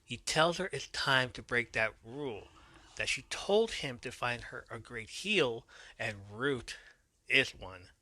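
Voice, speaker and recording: A man's voice: mid-range voice, expressive, slow pace, sharp tone, no room sound. A man hosting a podcast, casually recapping an episode in a loose manner, swearing now and then and correcting his own slips. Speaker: podcast host.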